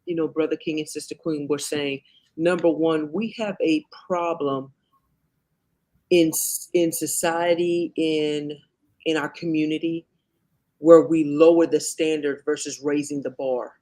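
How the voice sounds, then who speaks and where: A man with a fairly high voice co-hosting a faith talk show. He works through Bible lessons point by point, stumbling and restarting as he goes. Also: steady tone, a little slow, a little mellow. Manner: counts off points, many restarts and fillers. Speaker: co-host.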